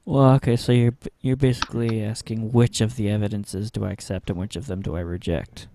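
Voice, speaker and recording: A man's voice: on the low side, fairly even intonation, fairly quick, dark tone, a little hiss or hum. A man in a casual debate, hesitant and restarting his sentences.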